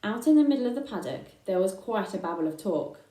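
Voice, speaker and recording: A woman reading a children's story aloud, unhurried, sometimes pausing with fillers. Her voice is mellow and sits back from the mic. The room around her is echoey. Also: mid-range voice, expressive, far from the mic. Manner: unhurried, with fillers between phrases. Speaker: reader.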